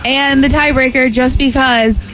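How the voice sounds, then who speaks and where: A woman co-hosting a radio show, reading out quiz clues in a measured way. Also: sits high, steady tone. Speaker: radio co-host running a quiz.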